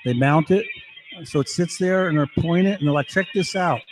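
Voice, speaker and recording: A man's voice: on the high side, brisk, a little mellow, soft background music, poor audio. A man delivering an agitated, rambling monologue to his camera, constantly asking "right?". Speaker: vlogger.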